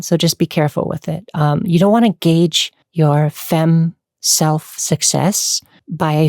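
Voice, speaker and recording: A woman with a low, gravelly voice talks straight to camera, answering questions in a loose, rambling way. Her delivery is casual and chatty, with easy laughs between thoughts. The sound is close and dry. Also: mellow, no echo. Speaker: online creator answering fan questions.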